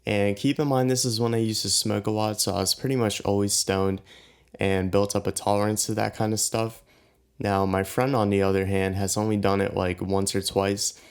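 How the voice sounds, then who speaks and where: Young male storyteller, deep and clear-voiced, relaxed slangy vlog delivery. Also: normal speed. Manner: laid-back, slangy, profane. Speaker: storytime vlogger. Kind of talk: casual storytelling to camera.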